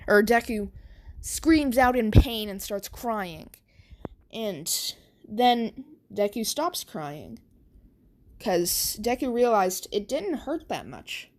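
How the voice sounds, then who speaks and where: Rambling high-voiced young woman storyteller. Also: a little mellow. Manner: rambling, full of fillers and self-corrections. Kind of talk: casual rambling story narration.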